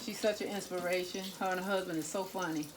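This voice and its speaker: A woman with a fairly low voice and fairly even intonation talks quickly while cooking in her home kitchen for a casual vlog. She chats with viewers, calling them "y'all" and "guys," over a noisy background.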